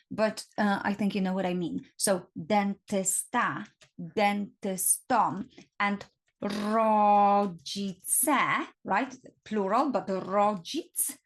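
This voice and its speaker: Woman, language teacher, slow unhurried delivery, patient explanations, frequent check-ins. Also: mid-range voice. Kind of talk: explaining grammar at a board.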